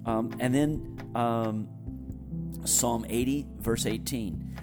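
A man speaking as a pastor, earnestly exhorting listeners and reading scripture slowly. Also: mid-range voice, steady tone, music in the background. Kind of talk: pastoral talk closing in prayerful exhortation.

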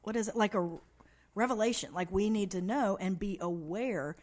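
A woman's voice: mid-range voice, moderate pace, darkish tone. A woman who leads a women's ministry, talking in an upbeat, encouraging and lightly teasing way in a casual chat.

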